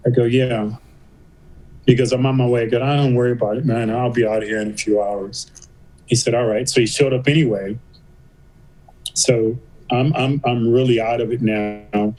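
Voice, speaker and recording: A man as a podcast guest, telling a story in a loose, conversational way. He acts out each quoted line, and his voice sits at an average pitch. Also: steady tone, moderate pace, pauses often, darkish tone, poor audio. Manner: vivid retelling, acting out quoted voices. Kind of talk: casual interview storytelling.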